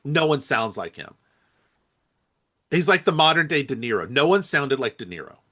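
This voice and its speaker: A man's voice: mid-range voice, sing-song, normal speed, sharp tone. A man co-hosting a podcast, chatting casually about movies, rambling and hesitant with lots of fillers. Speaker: podcast co-host.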